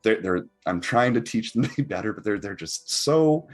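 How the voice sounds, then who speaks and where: Deep-voiced, flustered dad bear in a tabletop game, apologetic, played by a man. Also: expressive, moderate pace, dry recording.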